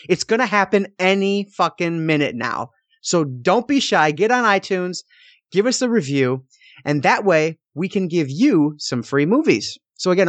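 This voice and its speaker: A man's voice: fairly high pitch, fairly bright tone, dry recording. Man, podcast host, casual and chatty, swears freely, dry recording.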